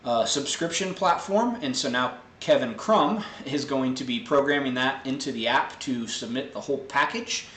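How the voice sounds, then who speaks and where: Male host, mid-pitched, casual explainer, reads viewer questions, roomy sound. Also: moderate pace, hardly any pauses, a little hiss or hum. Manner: relaxed, filler-heavy, explanatory. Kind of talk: casual live Q&A.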